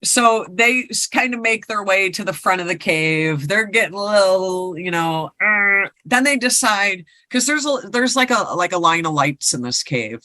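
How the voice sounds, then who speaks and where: A woman's voice: fairly low pitch, lively intonation, normal speed, few pauses, sharp tone, dry recording. A woman co-hosting a podcast, casually retelling a ghost story and rambling with lots of fillers. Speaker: podcast co-host.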